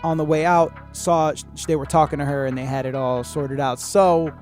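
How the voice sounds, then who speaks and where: A man hosting a podcast, telling a story in a rambling, profane, animated way and acting out what people said. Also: on the high side, moderate pace, faint music behind. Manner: profane, rambling, animated retelling with acted-out quotes. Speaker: podcast host. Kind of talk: casual storytelling.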